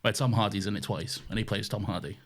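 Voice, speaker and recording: A man co-hosting a podcast, talking in an excitable, emphatic way with a lot of swearing. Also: fairly low pitch, fast talker, a crowd in the background. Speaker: podcast co-host. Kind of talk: casual chat.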